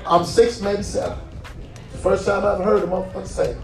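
A man in his forties telling a profane stand-up story, animated and laughing as he goes. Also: high voice, a little fast, a faint crowd. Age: 40s. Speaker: stand-up comedian. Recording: roomy hall, distant mic, faint music.

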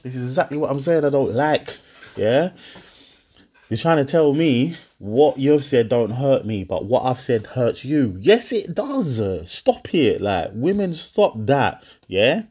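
Animated young man. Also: medium pitch, measured pace, breathy edge. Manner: animated storytelling, half-laughing, acts out both sides of a row. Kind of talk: casual monologue to viewers.

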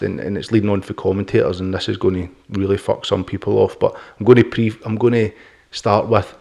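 A man's voice: lowish voice, creaky, darkish tone. A middle-aged man hosting a podcast, talking bluntly and opinionatedly, swearing and laughing often. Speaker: podcast host. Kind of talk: casual podcast chat.

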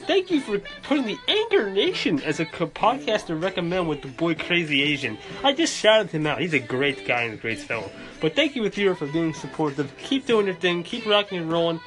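Bouncy, cheerful male podcast host doing holiday shout-outs. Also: on the high side, sing-song, a little fast, few pauses, over music. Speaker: podcast host in a Santa persona.

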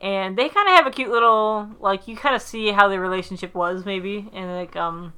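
A woman's voice: medium pitch, normal speed, bright, forceful tone, clear, resonant tone. A woman recapping a sitcom episode in casual chat, rambling with fillers and acting out the characters' lines. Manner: chatty, rambling with many fillers, acts out quotes.

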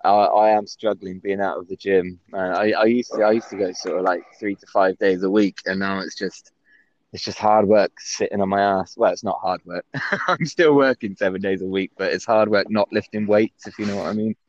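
A man from England with a West Country accent, a guest on a casual call-in chat, easygoing and quick to laugh. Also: on the low side, fairly even intonation, highs cut off. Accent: English, West Country.

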